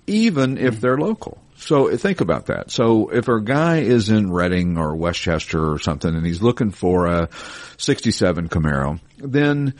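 A middle-aged man talks in a relaxed podcast chat, his voice sitting a little low. He is chatty and laughs easily, rattling off numbers and place names as he goes. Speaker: podcast host, car dealership spokesman.

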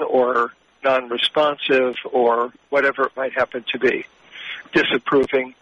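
A man working as a mediator, answering interview questions in a measured, explanatory way with frequent hesitations. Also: mid-range voice, bright, forceful tone, rough recording.

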